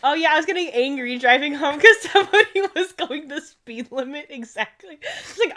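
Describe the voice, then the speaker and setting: A woman's voice: high voice, normal speed, hardly any pauses. A woman co-hosting a casual game stream, giggly and teasing, laughing between almost every line. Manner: animated, teasing. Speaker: streamer co-host. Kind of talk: casual chat.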